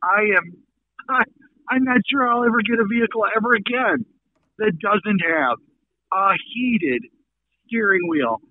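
A man from Minnesota hosting a casual radio chat, telling stories with drawn-out emphasis. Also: high voice, expressive, no echo. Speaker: radio host. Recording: phone-line sound.

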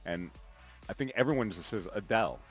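A man with a Canadian accent co-hosting a morning radio show, playful and animated in casual banter. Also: lowish voice, a little fast, soft background music.

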